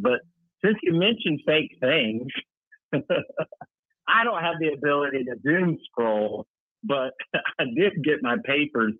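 A man's voice: on the high side, animated, takes it slowly, pauses often, dry recording. Sarcastic man on a tinny line. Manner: sarcastic, mocking, rambling asides. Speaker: podcast co-host. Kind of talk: casual sarcastic chat. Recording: dry, tinny phone-like line.

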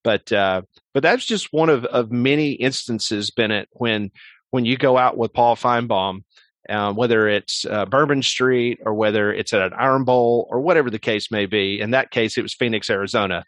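A man's voice: medium pitch, normal speed, fairly bright tone, no room sound. A man on a sports radio interview, telling a long story in a rambling, casual way full of fillers. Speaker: sports radio host, guest.

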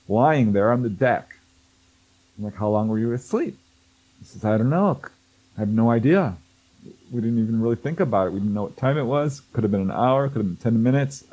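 Man, guest storyteller, animated, dark tone, raspy. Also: medium pitch, low-quality recording. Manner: animated, acts out quoted voices, laughs often. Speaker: guest, researcher of contact stories. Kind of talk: casual storytelling in conversation.

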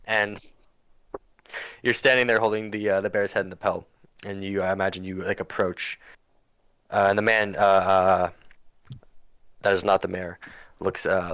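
A man's voice: deep voice, vocal fry, a bit bright, no room sound. A man narrating as game master of a tabletop game, rambling with hesitations. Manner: rambling, many fillers and restarts.

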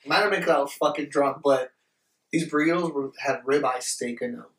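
Young man, animated storyteller, slightly high voice, roomy room, mic at a distance. Profane casual chat. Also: fairly quick.

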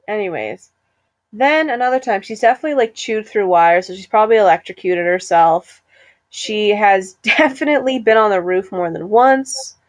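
A young woman chatting casually as a podcast co-host, playful and quick to laugh. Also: mid-range voice, dry recording. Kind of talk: casual chat.

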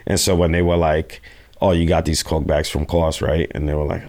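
A man's voice: extremely low pitch, little pitch movement, brisk, darkish tone. A man telling a rambling, profane story in a casual interview. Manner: profane, rambling, acts out quotes. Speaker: guest.

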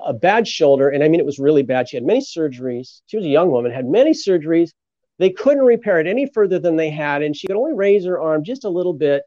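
A man's voice: on the high side, a little mellow, dry recording. A man, a pastor, telling a story as an interview guest, acting out the voices of the people he quotes. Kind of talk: storytelling testimony. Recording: muffled lo-fi sound.

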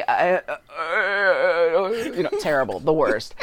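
A woman co-hosting a casual movie review chat, talking in an animated, emphatic way with many fillers and repeated words. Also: low-pitched, takes it slowly. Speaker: podcast co-host.

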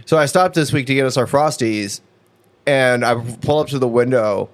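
A man's voice: mid-range voice, normal speed. A man from San Diego co-hosting a podcast, telling stories in a rambling, hesitant way with many fillers. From San Diego, United States. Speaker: podcast co-host. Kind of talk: casual chat.

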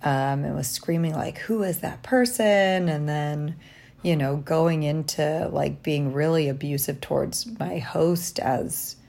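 A woman talking through a personal diary vlog from a hotel room, reflective and halting, tired after little sleep. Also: low voice, flat delivery, vocal fry. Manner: reflective, halting, soft-spoken. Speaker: vlogger.

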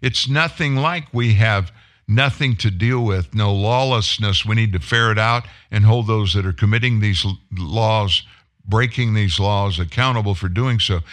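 Low-voiced sarcastic male news host. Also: a bit bright. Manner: sarcastic, indignant editorializing. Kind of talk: news reading and opinion commentary.

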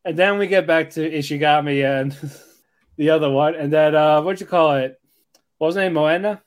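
A man's voice: fairly high pitch, moderate pace. A man co-hosting an anime podcast in casual chat, easygoing and agreeable, laughing along while recapping episodes. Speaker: podcast co-host.

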